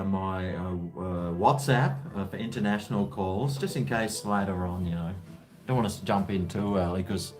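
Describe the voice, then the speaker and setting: A tired man chats loosely on a home livestream, rambling and restarting his sentences with plenty of fillers. His voice sits low, and faint music plays in the background. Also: a little mellow. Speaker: livestream host. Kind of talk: casual livestream chat while drinking.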